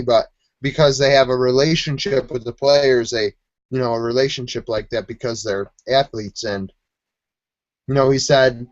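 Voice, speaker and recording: A man's voice: medium pitch, normal speed, dry recording, highs cut off. Rambling man on a sports podcast. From Buffalo, New York. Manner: rambling, animated storytelling with quoted voices. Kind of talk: casual sports chat.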